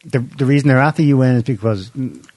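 A man's voice: mid-range voice, fast talker, darkish tone, no room sound. A man hosting a casual political chat, wry and sarcastic, laughing at his own points. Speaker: podcast host.

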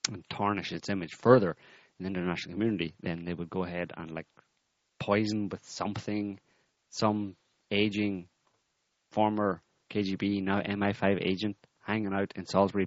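A man with a lowish voice talks in a sardonic, rambling way, often restarting his sentences. The sound is dull and dry, like a lo-fi recording with no room echo. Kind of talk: casual political chat.

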